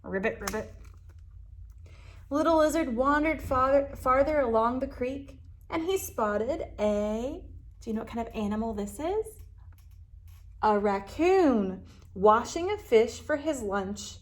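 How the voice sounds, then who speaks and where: A librarian reading a picture book aloud to children, animated, gasping and asking them questions. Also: female voice, fairly high pitch, unhurried, long pauses.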